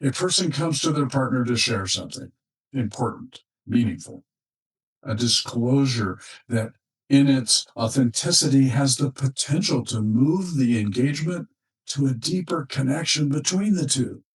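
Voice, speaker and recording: A man working as a relationship counselor, speaking in a slow, measured, reflective monologue with thoughtful pauses. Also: mid-range voice, distant mic, rough recording.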